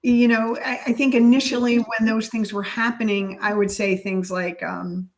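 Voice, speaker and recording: Middle-aged woman, podcast guest, earnest and reflective, slightly higher voice. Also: level tone, normal speed, darkish tone, rough recording. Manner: earnest, reflective, spiritual in outlook. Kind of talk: casual conversation.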